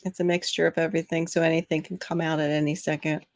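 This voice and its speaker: A woman's voice: deep voice, little pitch movement, quick pace, a little mellow, no room sound. A woman with a Florida accent, chatting playfully and laughing on a livestream. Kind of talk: casual chat.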